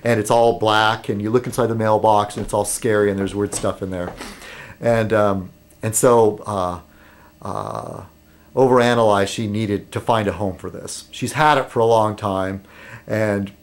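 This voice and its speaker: At home, a man records a video blog, rambling casually and stumbling over fillers and restarts. He livens up whenever he imitates other people, and his voice sits on the low side.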